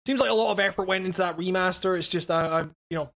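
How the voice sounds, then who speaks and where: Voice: medium pitch, rapid-fire, creaky, a bit bright. A podcast co-host in casual gaming chat, talking hesitantly with stammering restarts and casual swearing.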